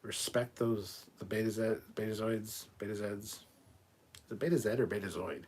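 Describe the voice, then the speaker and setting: A man's voice: fairly low pitch, steady tone, moderate pace, a little mellow, slight background noise. A man hosting a casual live stream, reading viewer comments aloud and answering them with blunt, profane asides. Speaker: livestream host.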